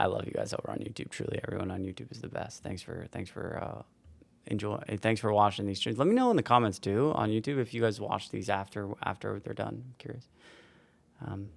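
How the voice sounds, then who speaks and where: Tired, gravelly man in his forties. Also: lowish voice, dry recording. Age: 40s. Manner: rambling, thanking viewers by name. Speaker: streamer. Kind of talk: casual livestream sign-off.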